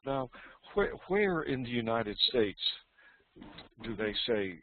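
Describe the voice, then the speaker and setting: A man's voice: medium pitch, sing-song, takes it slowly. A man teaching an online English lesson, explaining at length and often repeating his phrases. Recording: tinny phone-like line with loud noise.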